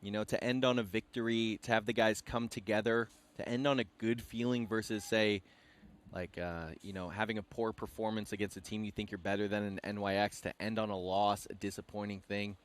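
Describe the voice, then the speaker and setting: A man from Rhode Island doing live play-by-play commentary, calling the action quickly and energetically. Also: lowish voice, flat delivery. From Rhode Island, US Northeast.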